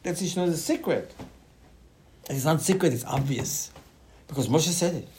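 A man giving a Torah class in animated, non-native English, often repeating his words and jumping up in pitch. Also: moderate pace. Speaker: Torah teacher.

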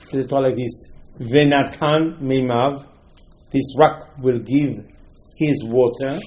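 A man, not an English speaker, teaches a Torah lesson as a lively story. His voice is dark and mellow, and he sits at an ordinary middle pitch for a man. He fires off rhetorical questions and acts out the figures he quotes. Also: poor audio.

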